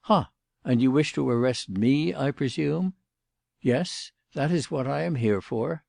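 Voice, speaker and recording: A man's voice: medium pitch, a little slow, vocal fry, a little mellow, dry recording, clean studio sound, pitched above the performer's own voice. A male audiobook reader voicing a cold, formal suspect who lays down terms in a passionless voice.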